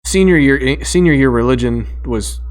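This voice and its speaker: A young man co-hosting a casual sports chat, telling high school stories and acting out the people in them. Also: normal speed. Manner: animated storytelling, acting out quotes. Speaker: podcast co-host.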